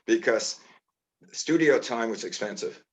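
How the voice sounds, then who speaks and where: A man's voice: mid-range voice, lively intonation, unhurried. An older man hosting an interview, sharing rambling anecdotes from his past work. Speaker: interview host. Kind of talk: casual interview chat.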